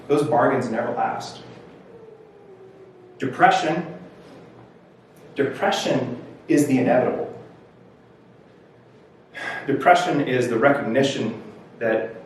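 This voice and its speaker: A man's voice: medium pitch, a little hiss or hum. A male mental health counselor giving an educational presentation in a conversational lecturing manner, stressing key words. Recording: echoey room from far off.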